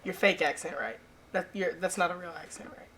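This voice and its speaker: A woman's voice: lowish voice, fairly bright tone, slight background noise. Playful young woman host. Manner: playful, quick back-and-forth with fillers. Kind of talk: casual interview chat.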